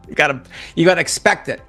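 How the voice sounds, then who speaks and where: A middle-aged man with a fairly high voice talks as a podcast guest, upbeat and motivational. He laughs easily and leans into an encouraging message. Faint music sits under the talk. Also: normal speed, fairly bright tone. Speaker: podcast guest, publishing founder. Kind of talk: casual interview chat.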